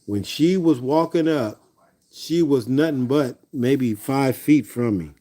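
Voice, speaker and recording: A man's voice: medium pitch, expressive, measured pace, dark tone. A man hosting a livestream, casually telling stories to his viewers in a rambling way, repeating words as he goes and talking straight to his audience. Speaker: livestream host. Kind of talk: casual storytelling to a live chat.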